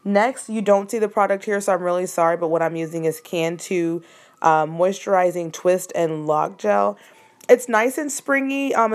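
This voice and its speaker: A young woman casually narrating a hair tutorial, chatty and relaxed with frequent ums. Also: lowish voice, no echo.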